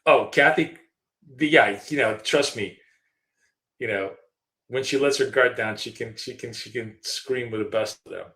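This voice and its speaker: A man's voice: mid-range voice, normal speed, sharp tone. Chatty middle-aged man, echoey room. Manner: chatty storyteller, frequent fillers and restarts. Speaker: trading show co-host. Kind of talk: casual live trading chat.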